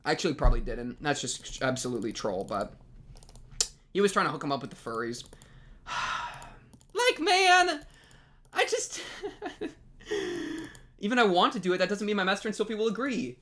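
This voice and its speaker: A man's voice: on the high side, big pitch swings, a little fast, long pauses, fairly bright tone. Exasperated young man ranting with sudden jumps. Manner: rambling, many restarts and "like"s. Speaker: anime reaction channel host. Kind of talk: animated reaction commentary.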